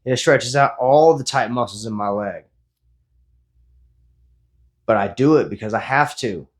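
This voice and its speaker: A man's voice: medium pitch, a little slow. A man in his forties giving a blunt, profane motivational talk after a workout, speaking as a fitness vlogger. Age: 40s.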